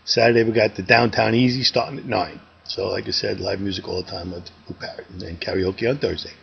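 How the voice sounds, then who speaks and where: A man's voice: lowish voice, steady tone, fast talker, gravelly, lo-fi sound, a little hiss or hum. A man running a bar, casually announcing the week's events and telling a joke in a folksy, chatty way. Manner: folksy, chatty, tells a joke with put-on voices. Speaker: bar owner giving weekly announcements. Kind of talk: casual social media video.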